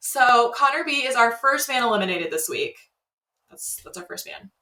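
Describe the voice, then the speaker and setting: A podcast co-host with a fairly high voice and moderate pace recaps a reality show in casual conversation. She's recorded from a distance in an echoey room, animatedly acting out quotes along the way.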